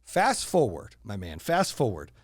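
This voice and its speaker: A man's voice: on the low side, huge pitch swings, unhurried, slightly rough, no room sound, studio quality. A brash man in his forties telling boastful stories as an interview guest, in casual chat. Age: 40s. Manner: brash, boastful storyteller with big swings in loudness. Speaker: guest, entrepreneur.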